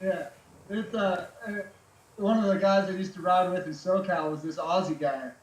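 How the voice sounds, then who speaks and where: A laid-back man spins casual stories as a podcast guest, swearing freely and leaning on fillers. His voice sits high for a man, and it rings in an echoey room. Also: steady tone, moderate pace. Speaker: podcast guest, military veteran. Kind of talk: casual storytelling chat.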